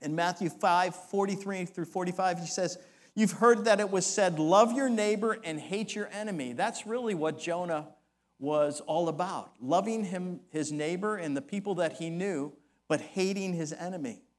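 A man's voice: sits high, moderate pace. A male pastor preaching a sermon, acting out scripture voices with dramatic shifts. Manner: dramatic, acts out quoted voices.

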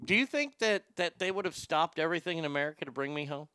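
A man's voice: fairly high pitch, lively intonation, fast, sharp tone, clean tone, no room sound. A man hosting a talk show, ranting sarcastically with plenty of profanity. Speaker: podcast host. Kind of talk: opinionated talk show rant.

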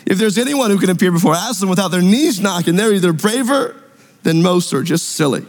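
A man's voice: high-pitched, lively intonation, brisk. A man reading the lines of a motherly female beaver from a storybook in his own plain voice, in a large reverberant hall.

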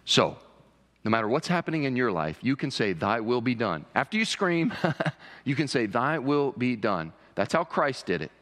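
Impassioned preacher in a reverberant church hall. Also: male voice, sing-song, moderate pace, fairly bright tone. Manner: impassioned, rising high for emphasis. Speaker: pastor. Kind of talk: sermon. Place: church sanctuary.

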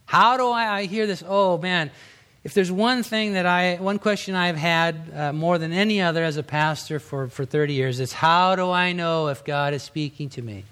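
Speaking at a moderate pace in a smooth, high voice, a middle-aged pastor gives a sermon. His style is casual and talky, and he dramatizes quotes by jumping up in volume or dropping to a hush.

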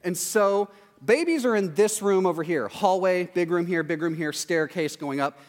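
Storyteller, male, high voice, animated comic delivery, long hall reverb. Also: moderate pace. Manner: animated, acts out quoted voices. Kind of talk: comedic anecdote.

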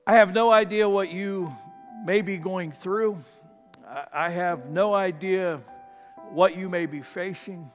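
High-voiced man preaching in a hall. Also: slow pace, soft background music. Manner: dramatic swings from loud to hushed, retelling a story with quoted voices. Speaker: pastor. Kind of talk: sermon. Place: church sanctuary.

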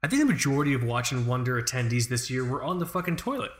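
A man's voice: mid-range voice, racing. A young man co-hosting a podcast, ranting in casual chat with lots of swearing. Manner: profane, ranting, animated. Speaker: podcast co-host.

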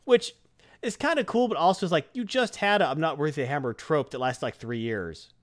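A man hosting a casual chat, animatedly retelling a comic and acting out its lines. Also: a little high. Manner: animated retelling, acts out dialogue in quick voices. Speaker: podcast host recapping a comic.

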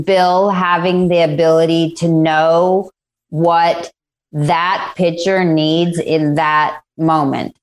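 A woman working as a mindfulness coach, explaining her ideas in a calm, measured way during an interview. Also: on the low side.

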